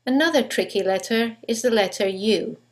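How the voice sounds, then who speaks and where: A woman giving a scripted English pronunciation lesson, stressing each example word with care. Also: a little high. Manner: slow, deliberate, stresses example words. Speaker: English teacher.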